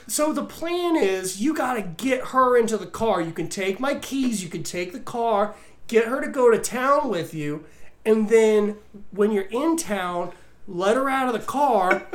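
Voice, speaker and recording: A man's voice: high voice, takes it slowly. A man co-hosting a podcast, recapping a movie in casual comic chat and laughing often. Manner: animated, laughs often, acts out quoted lines in exaggerated voices. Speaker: podcast co-host.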